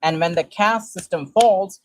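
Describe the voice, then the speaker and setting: Against a noisy background, a man with a high-sitting voice reads old historical sources aloud and comments on them. He's halting, stumbling often and restarting words, with frequent fillers.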